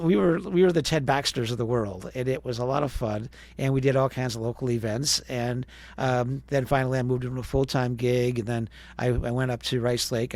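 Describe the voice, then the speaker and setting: This podcast guest, a former radio DJ in his fifties from Wisconsin, is a chatty storyteller who performs the voices of the people in his tales. He has a medium-pitched, slightly mellow voice, recorded with no echo.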